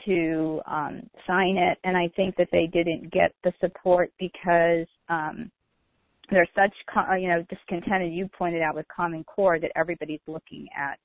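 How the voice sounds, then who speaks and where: A woman's voice: on the low side, level tone, moderate pace, no echo. A woman hosting a radio talk show, chatty, with many fillers. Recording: dry, narrow phone-like radio sound.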